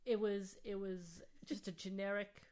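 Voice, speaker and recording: A woman's voice: mid-range voice, fairly even intonation, darkish tone. Woman on a movie podcast, jokey and wry, riffing off her cohost. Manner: wry, joking, quick to riff. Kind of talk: casual film podcast chat.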